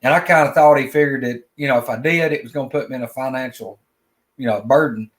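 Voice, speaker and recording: A man's voice: mid-range voice, fast talker. A man, telling a long personal story in plain, drawling talk, often repeating words as he goes. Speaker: guest storyteller. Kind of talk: casual spoken storytelling.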